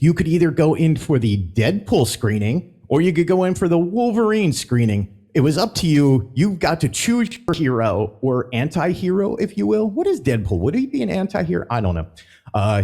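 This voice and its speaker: A man's voice: mid-range voice, warm tone. Chatty man rambling through park news. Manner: chatty, rambling, stumbles when reading announcements aloud. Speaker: theme park news vlogger. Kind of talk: casual news chat.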